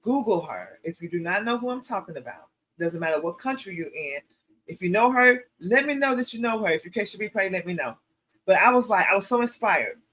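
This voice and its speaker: A woman hosting a casual livestream Q&A, telling stories in an animated, preachy way and calling her viewers y'all. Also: medium pitch, a little fast. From American South. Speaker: show host.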